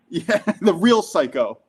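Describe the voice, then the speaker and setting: A man co-hosting a live betting stream in a relaxed chat. His voice sits fairly high, and he adds quick, easygoing comments with the odd laugh. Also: slightly rough. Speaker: co-host.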